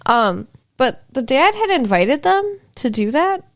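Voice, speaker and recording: A woman with a fairly high voice co-hosts a podcast in casual chat. She is blunt and indignant and swears freely. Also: big pitch swings, unhurried. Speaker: podcast co-host.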